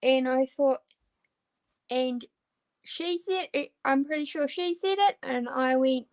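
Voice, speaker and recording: Slow, hesitant high-voiced woman vlogger. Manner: hesitant, many ums and restarts. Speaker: vlogger chatting with viewers. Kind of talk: casual chat while diamond painting.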